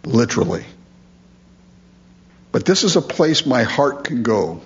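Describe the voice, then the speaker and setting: A man's voice: mid-range voice, sing-song, unhurried, lo-fi sound. A man preaching a sermon as pastor, earnest and emphatic, asking rhetorical questions and repeating key phrases.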